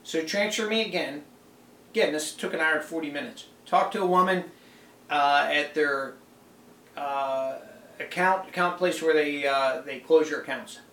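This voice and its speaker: Male online seller, high voice, exasperated rant, echoey room. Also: a bit bright. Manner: exasperated, indignant, emphatic. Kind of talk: ranting vlog to camera. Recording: roomy echo, mic set back.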